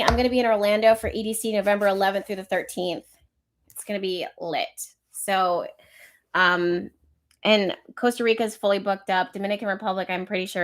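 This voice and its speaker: A woman's voice: mid-range voice, fairly bright tone. A young woman chats on a livestream about astrology in an easy, conversational way. She answers viewer comments as she goes, with a casual, friendly delivery. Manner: chatty, reads out viewer comments. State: out of breath, wheezing.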